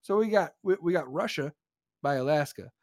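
Heated host, swears and repeats for emphasis; animated delivery, dry room. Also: male voice, fairly high pitch, moderate pace, no echo. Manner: profane, emphatic, repeats himself. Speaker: podcast host. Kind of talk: heated political rant.

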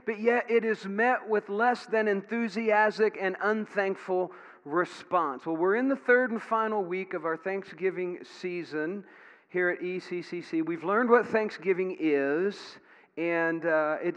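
Pastor preaching in a reverberant church. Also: male voice, high voice, fairly bright tone. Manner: folksy storytelling with fillers. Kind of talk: sermon. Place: church sanctuary. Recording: dull sound with long hall reverb.

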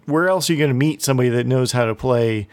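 A man co-hosting a casual podcast chat, reminiscing in a halting way with many restarts. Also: mid-range voice. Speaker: podcast co-host.

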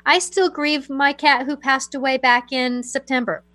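A woman with a high, light voice gives spiritual advice to a radio caller. She speaks softly and soothingly, wanders through her thoughts and restarts often. The studio sound is close and dry. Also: fairly even intonation, moderate pace, no echo. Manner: soothing, meandering, many fillers and restarts. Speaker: psychic guest on a call-in radio show.

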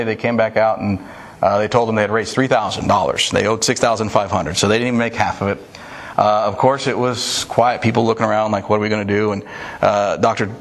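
Man, pastor, conversational sermon, mid-range pitch, informal retelling. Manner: conversational, retells a story with many "he said" asides. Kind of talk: sermon with storytelling.

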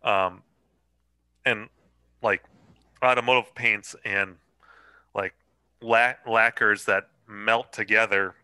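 A man's voice: lowish voice, fairly even intonation, slow, pauses often, bright, forceful tone, clear, resonant tone, dry recording, rough recording. A man hosting a podcast in casual chat, rambling with lots of fillers and swearing. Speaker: podcast host.

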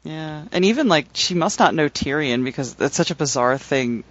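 A man's voice: on the high side, lively intonation, moderate pace, fairly bright tone, slight background noise. A man co-hosting a podcast, chatting casually about a book and reading from it, rambling with many fillers. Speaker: podcast co-host. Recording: dull lo-fi sound.

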